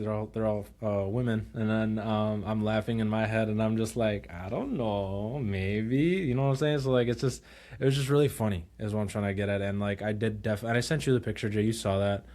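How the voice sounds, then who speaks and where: A man's voice: lowish voice, fast. A young man co-hosting a podcast, casually retelling a story, acting out quotes and switching into Spanish now and then. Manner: animated retelling, acts out quotes. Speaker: podcast co-host.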